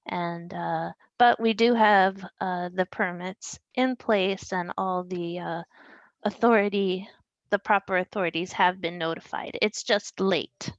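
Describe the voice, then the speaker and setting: Halting woman, dull dry audio. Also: fairly low pitch, no echo. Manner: halting, many fillers, giggly. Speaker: player. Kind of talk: tabletop game storytelling.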